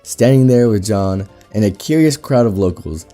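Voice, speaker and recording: A man reading an online story aloud in a steady, wry storytelling manner. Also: lowish voice, normal speed, faint music behind. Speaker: story narrator.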